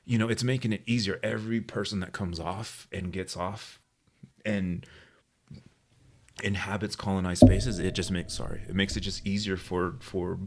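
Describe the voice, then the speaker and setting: A man from New Mexico, co-hosting a podcast and telling an animated story. He often checks in with "you know what I mean?". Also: sits low, moderate pace, slight background noise. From New Mexico, USA. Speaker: podcast co-host. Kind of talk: casual chat, storytelling.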